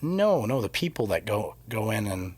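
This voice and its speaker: A man's voice: fairly low pitch, very animated, moderate pace, slightly rough. A man co-hosting a casual podcast, reading scripture passages aloud and then musing and joking about them. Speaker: podcast co-host. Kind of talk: casual religious discussion podcast.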